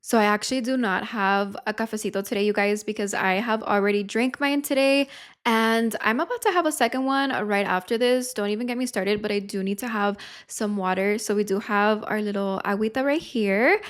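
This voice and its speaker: A young woman hosting a podcast in casual chat, expressive and confessional, swearing freely. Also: mid-range voice, a little fast. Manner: emotional, confessional. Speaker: podcast host.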